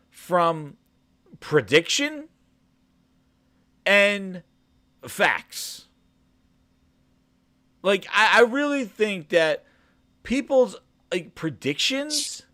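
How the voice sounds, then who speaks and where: A man hosting a casual gaming podcast, talking with mock-dramatic, sarcastic hype, stammering and trailing off quietly. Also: high voice, no echo. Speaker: podcast host.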